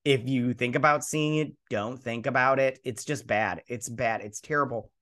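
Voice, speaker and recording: A man's voice: mid-range voice, normal speed, a bit bright. A man hosting a casual movie review, blunt and exasperated, rambling with fillers and restarts. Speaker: host.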